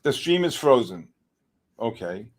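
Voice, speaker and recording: A man hosting a live trading stream, giving excitable, exclamatory market commentary and calling out viewers by name. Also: mid-range voice, unhurried.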